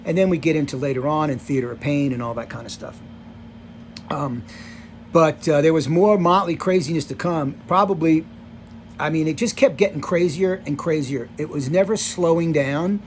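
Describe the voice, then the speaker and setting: A man's voice: a little high, moderate pace, darkish tone, a little hiss or hum. A man in his sixties casually telling stories from his past on camera, rambling and full of "you know" and "like". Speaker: vlogger telling rock-tour stories. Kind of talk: casual storytelling.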